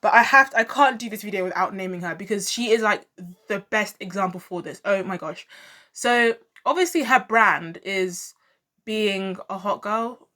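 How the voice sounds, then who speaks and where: A woman's voice: medium pitch, normal speed, bright, forceful tone. A woman, giving chatty, opinionated commentary in a vlog and repeating herself for emphasis. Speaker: music commentary vlogger.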